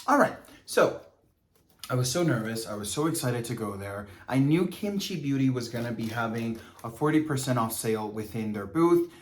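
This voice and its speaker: A man's voice: mid-range voice, lively intonation, normal speed, darkish tone, roomy sound. A man co-hosting a vlog, chatting in a campy, sassy way and calling people girl and honey. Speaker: vlogger co-host. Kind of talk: casual chat review.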